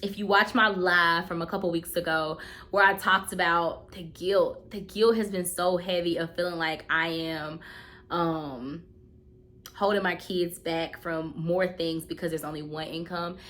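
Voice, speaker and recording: A woman's voice: lowish voice, fairly even intonation, measured pace, pushed and bright. A woman in her thirties talks straight to her viewers in a casual vlog. Her voice is earnest and heartfelt, and she often circles back and repeats her phrases for emphasis. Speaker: vlogger. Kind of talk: casual talking-to-camera vlog.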